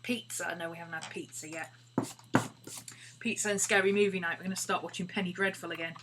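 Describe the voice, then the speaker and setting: A woman's voice: on the low side, fast. A woman chatting casually while crafting on a live stream, often dropping to a murmur. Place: home craft studio. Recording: steady background hum.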